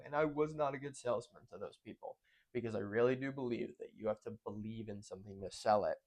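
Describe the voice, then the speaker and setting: A man's voice: mid-range voice, fast talker, darkish tone. A young man talking through a casual check-in on his own, rambling and correcting himself as he goes. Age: young adult. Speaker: vlogger.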